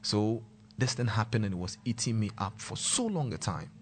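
A man's voice: on the low side, expressive, normal speed, slight background noise. A Ghanaian man presenting a talk show, sharing a passionate personal testimony and mixing English and Twi. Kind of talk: emotional personal testimony to viewers.

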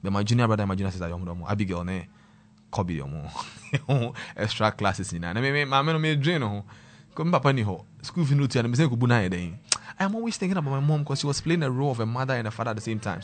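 A man's voice: mid-range voice, animated, fast. A Ghanaian man presenting a talk show, sharing a passionate personal testimony and mixing English and Twi. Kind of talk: emotional personal testimony to viewers.

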